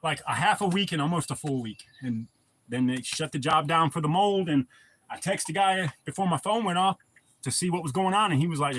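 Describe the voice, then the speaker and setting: A laid-back man, chatting loosely on a livestream. He rambles and swears easily, and his voice sits a little higher than most men's. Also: normal speed, a bit bright, a little hiss or hum. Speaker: livestream host. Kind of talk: casual chat reading viewer comments.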